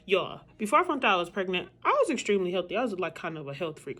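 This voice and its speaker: A woman's voice: fairly low pitch, big pitch swings, fast, hardly any pauses, fairly bright tone. A woman vlogging in a casual, candid chat, talking straight to her viewers.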